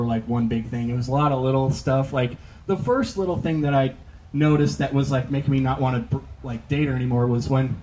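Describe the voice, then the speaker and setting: A man's voice: mid-range voice, darkish tone, a little hiss or hum, rough recording. Rambling young male stand-up comic. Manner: rambling, filler-heavy delivery with many "like"s. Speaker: stand-up comedian. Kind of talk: stand-up comedy set.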